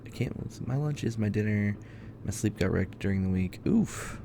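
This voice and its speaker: Laid-back, chatty male game streamer, low and gravelly. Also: expressive, moderate pace, noisy background. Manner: easygoing, chatty, hums to himself. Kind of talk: casual gameplay chat. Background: music.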